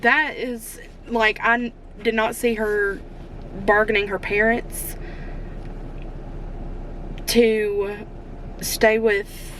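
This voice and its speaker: A young woman, chatting casually in her reading vlog, excitable and full of rhetorical questions, recorded on a handheld phone. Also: a little high, very slow, long pauses, a little hiss or hum. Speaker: book vlogger. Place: indoors, then moving between spots without a tripod.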